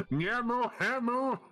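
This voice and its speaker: A man's voice: very high voice, sharp tone, voice pushed up, full character voice. A man voicing a goofy, dim-witted young male cartoon slacker who tacks a cow moo onto every word. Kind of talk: comedic character voice on a live stream.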